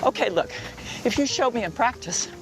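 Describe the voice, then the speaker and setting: A woman's voice: on the high side, lively intonation, normal speed. An older woman in an archival interview, dramatically retelling what happened to her. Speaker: interviewee recalling her past.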